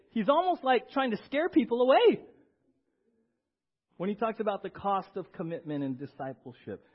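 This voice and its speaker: A man preaching a sermon as pastor in a church, animated, acting out little voices and asking the congregation questions. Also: high voice, dull audio. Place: church sanctuary.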